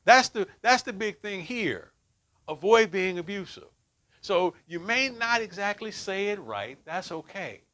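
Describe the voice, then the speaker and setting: High, bright-voiced male workshop leader. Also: lively intonation, unhurried. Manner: conversational, keeps checking in with "right?". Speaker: relationship workshop facilitator. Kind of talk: teaching a group class.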